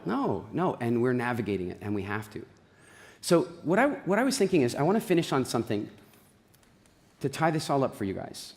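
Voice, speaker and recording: Middle-aged male stage speaker, animated storyteller, mid-range voice, reverberant hall. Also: medium pitch, gravelly. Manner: animated storytelling, acts out quotes, then slow guided relaxation. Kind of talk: motivational stage talk. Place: large hall with audience.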